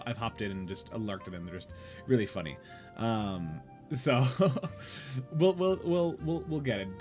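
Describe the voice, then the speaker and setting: Rambling young man hosting a livestream. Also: fairly low pitch. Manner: rambling, chatty, reads chat aloud. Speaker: podcast host. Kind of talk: casual livestream chat.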